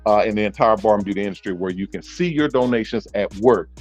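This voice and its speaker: A man's voice: lowish voice, quick pace, soft background music. A man hosting a casual livestream from on the move, talking emphatically and repeating his points. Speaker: host, owner of a salon network. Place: mobile, in a vehicle.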